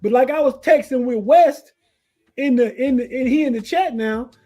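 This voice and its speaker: A man's voice: very high-pitched, moderate pace, dark tone. A man co-hosting a live sports podcast, often stammering and repeating words. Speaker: podcast co-host. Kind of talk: casual sports chat.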